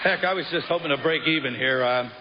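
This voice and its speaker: Man rambling an award speech over loud crowd. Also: a little high. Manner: rambling, halting with fillers. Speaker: award winner. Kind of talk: acceptance speech. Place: awards ceremony hall. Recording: dull broadcast audio with loud crowd and noise.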